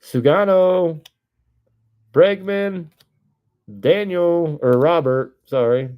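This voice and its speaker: A man, hosting a live card break stream, reading off names and breaking into excited shouts. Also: on the high side, drawn-out words, clear, resonant tone, dull audio.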